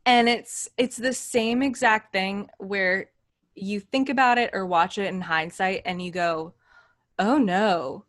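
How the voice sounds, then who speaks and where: A woman co-hosts a podcast, taking her time as she spins anecdotes with animated emphasis. Her voice sits in the middle of the range and sounds dry and close to the mic. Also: medium pitch, no room sound. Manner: unhurried, animated anecdote-telling. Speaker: podcast co-host. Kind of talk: casual chat. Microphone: studio microphone.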